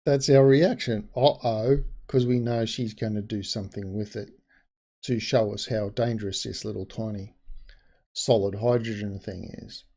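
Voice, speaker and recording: A man's voice: lowish voice, steady tone, normal speed, vocal fry, dark tone, breathy edge. A man giving a casual, rambling movie review, frank and full of asides and restarts. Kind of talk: casual spoken film review.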